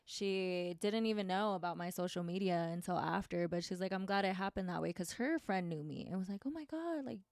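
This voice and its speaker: A woman's voice: lowish voice, fairly even intonation, brisk, few pauses, smooth, no echo. Laid-back young woman guest, dry sound. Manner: laid-back, swears freely, laughs often. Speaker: podcast guest. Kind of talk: casual chat.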